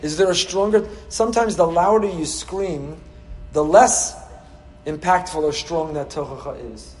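Male rabbi giving a sermon, voice sitting a touch high, repeats lines, asks questions, swings in volume. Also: measured pace, roomy sound, poor audio. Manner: rhetorical questions, repetition, dramatic swings in volume; storytelling, acts out quoted voices.

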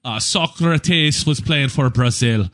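A man in his forties in casual chat, an animated storyteller who laughs as he talks. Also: mid-range voice, slow.

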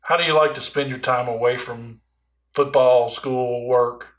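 A man's voice: mid-range voice, fairly even intonation, measured pace. A man interviewing a guest, asking casual questions and adding brief encouraging remarks.

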